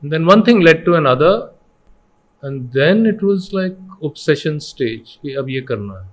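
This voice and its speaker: A man's voice: fairly high pitch, brisk. A middle-aged man from India with an Indian English accent, a company founder telling stories earnestly in an interview and mixing in Hindi phrases. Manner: earnest, animated storyteller who acts out quotes. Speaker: education company founder, guest.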